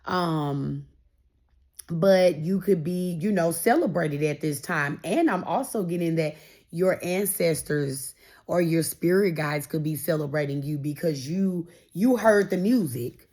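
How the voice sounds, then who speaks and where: A tarot reader gives her viewers a casual reading directly, her voice low, unhurried and slightly mellow. She's encouraging, repeats phrases for emphasis, and is growing emotional.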